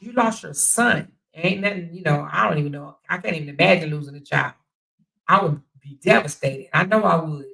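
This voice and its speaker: A woman hosting a casual livestream, talking straight to her viewers in an animated, incredulous way. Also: medium pitch, creaky, rough recording. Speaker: livestream commentary host.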